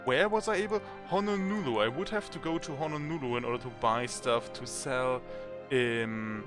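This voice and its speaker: A man's voice: medium pitch, normal speed, over music. A man commenting on a game as he plays it and reading its text aloud, chatty and thinking aloud. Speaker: let's play host.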